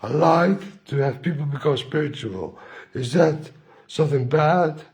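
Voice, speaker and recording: A man's voice: a little high, unhurried, darkish tone. A man speaking a rambling spiritual monologue to the camera, repeating himself and questioning himself aloud. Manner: rambling, repetitive, self-questioning.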